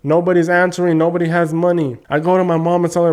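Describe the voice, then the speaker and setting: A man's voice: sits high, flat delivery, quick pace, darkish tone, clear, resonant tone. A young man telling a personal story to camera in a casual, emphatic way, swearing often. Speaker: trading vlogger.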